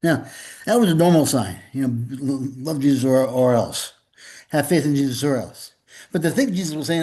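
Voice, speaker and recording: Man, minister, informal sermon, rambling, repeats words, folksy, slightly high voice. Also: expressive, moderate pace, darkish tone, breathy edge. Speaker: minister leading a spiritual gathering.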